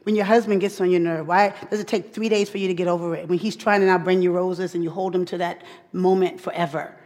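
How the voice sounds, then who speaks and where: A woman teaching a sermon to a women's audience. She repeats her key phrases and swings from loud emphasis to hushed asides. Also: fairly low pitch, steady tone, quick pace. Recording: long hall reverb.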